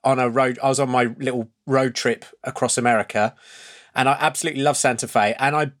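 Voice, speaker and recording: A man's voice: medium pitch, steady tone, fast, fairly bright tone. Man, playful co-host, jokey anecdote teller. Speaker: podcast co-host. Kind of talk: casual podcast chat.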